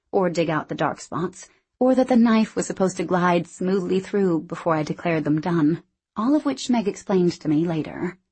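A woman narrating an audiobook in a measured, wry way. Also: lowish voice, a little mellow, breathy edge.

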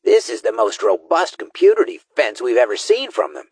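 A chatty tech marine frets about enemy defenses, as a man puts him on. The husky voice is pushed noticeably higher than the reader's own, lively and quick, in a dry close reading. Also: no echo, full character voice. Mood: fretful. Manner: fretful, talkative. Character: eager male techie marine who runs robots.

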